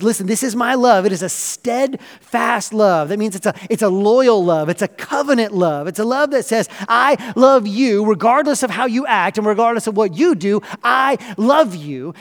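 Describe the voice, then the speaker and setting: High-voiced passionate preaching man. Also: a little mellow, long reverb tail. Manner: earnest and passionate, rising in emphasis, with frequent repeats. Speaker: pastor. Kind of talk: sermon.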